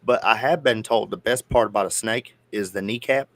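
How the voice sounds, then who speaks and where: A man's voice: fairly low pitch, fairly quick, a bit bright. A man from near the Georgia-Tennessee border with a Southern accent, co-hosting a casual podcast chat with rambling, profane, jokey storytelling. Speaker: podcast co-host.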